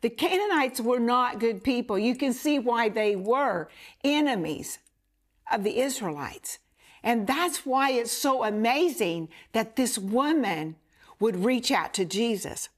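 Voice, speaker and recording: A woman's voice: a little high, expressive, unhurried. A woman preacher telling a scripture story in an emphatic, repetitive way, often asking the listener questions. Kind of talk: sermon.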